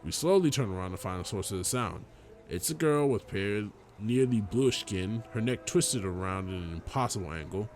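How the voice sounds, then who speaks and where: A man's voice: fairly low pitch, animated, normal speed, a little mellow, a little hiss or hum. A young man hosting a gaming video, reading a visual novel aloud in a casual way, swearing and joking as he goes.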